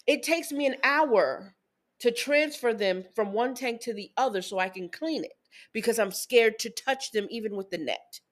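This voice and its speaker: In a relaxed podcast chat, a woman in her thirties who co-hosts the show spins a story, playing out the lines of her kids and her ex with lots of animation. She speaks on the high side at a normal speed.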